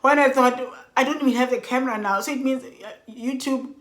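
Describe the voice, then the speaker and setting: A woman telling an emotional storytime vlog, sounding worn out and animated by turns. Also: high voice, quick pace, few pauses. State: exhausted. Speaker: vlogger. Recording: echoey room.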